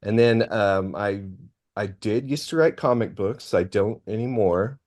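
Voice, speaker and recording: A deep, low-pitched man answers questions as a guest critic on a podcast. He talks about his work in a modest, easygoing way, pausing on small fillers as he goes. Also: darkish tone. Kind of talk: casual interview talk.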